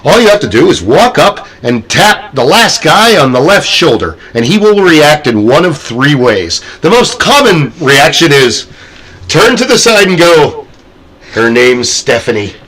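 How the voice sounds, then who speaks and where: A man telling haunted house stories in a casual podcast chat, lively, often jumping into loud acted character voices. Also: fairly high pitch, measured pace, slightly rough, poor audio. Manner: animated, acts out scenes with sudden loud character voices.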